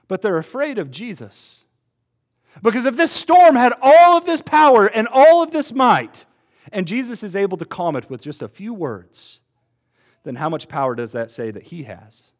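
A man in his twenties preaching a sermon, earnest and expressive, rising to emphatic peaks. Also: high-pitched. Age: 20s.

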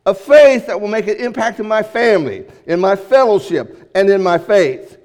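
A man with a high-pitched voice delivers a Sunday sermon to his congregation. He preaches emphatically, leaning hard on key words and then letting his voice fall almost to a hush. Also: animated, normal speed. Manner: emphatic, swings between loud and hushed. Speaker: pastor.

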